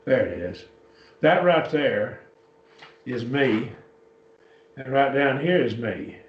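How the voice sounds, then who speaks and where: In a church classroom, a man teaches a Bible class, explaining Greek word forms step by step in an unhurried way while working a computer. His mid-range voice is very animated. The lecture is recorded lo-fi and dull, with a distant mic in an echoey room.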